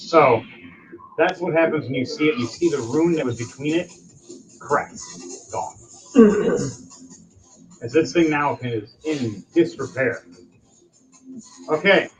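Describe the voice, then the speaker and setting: A man's voice: on the high side, rough recording. A man acting as game master, describing scenes step by step and calling on players in turn. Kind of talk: narrating a tabletop game. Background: music.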